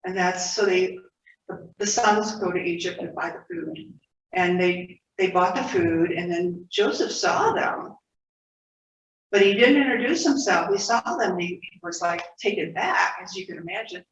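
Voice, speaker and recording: A woman's voice: on the low side, expressive, measured pace, distant mic. Woman speaker delivering a chatty story-driven sermon, dull roomy recording with faint noise. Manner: conversational storytelling with asides. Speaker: speaker at a spiritual center. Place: spiritual center hall.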